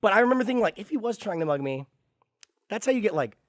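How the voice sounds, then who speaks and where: A man's voice: sits high, sing-song, fast talker, no echo, studio quality. A man telling a rambling, sweary story in casual podcast chat, acting out the people in it. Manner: rambling storyteller, swears freely, acts out quotes. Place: studio.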